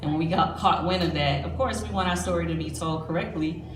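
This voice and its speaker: A woman singer answering interview questions in a relaxed, storytelling way. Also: deep voice, a little fast. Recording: echoey press room with clear background noise.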